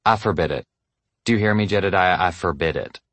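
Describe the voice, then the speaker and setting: A worried, devout mother with a Southern US accent, as a man puts her on, fretting over her grown son. The voice stays low and sounds close and dry. It is an audiobook story. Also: brisk, a bit bright, no room sound. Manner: anxious, pleading, then forbidding.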